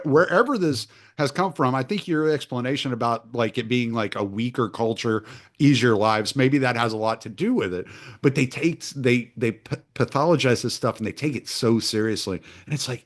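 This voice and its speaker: A middle-aged American man hosting a podcast, chatting casually and telling rambling stories with lots of restarts and laughter. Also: mid-range voice. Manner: rambling storyteller with many restarts, laughs often. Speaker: podcast host. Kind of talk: casual chat.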